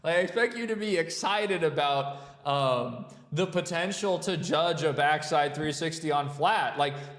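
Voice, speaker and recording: Reacting to a skate video on his show, a man is exasperated and incredulous, swearing and laughing as he tears into a referee's calls. His high, fairly bright voice sounds roomy, as if in a large hall.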